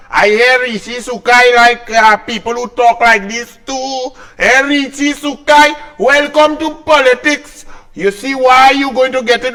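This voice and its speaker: A man's voice: very high-pitched, sharp tone. A man with a Trinidadian accent delivering a scornful, combative political commentary rant.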